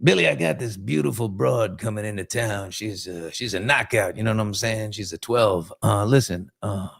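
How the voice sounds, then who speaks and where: A man putting on the voice of a brash, chummy old Hollywood guy who talks fast and asks for favors. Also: on the low side, creaky, a bit bright. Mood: wheedling. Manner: fast-talking schmoozer, calls everyone by nickname.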